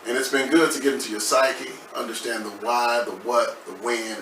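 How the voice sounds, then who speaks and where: A man's voice: medium pitch, steady tone, moderate pace, fairly bright tone, far from the mic. Easygoing Texan male host in a roomy echo. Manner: easygoing and appreciative. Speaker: podcast host. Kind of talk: casual interview wrap-up. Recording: roomy echo, off-mic, faint noise.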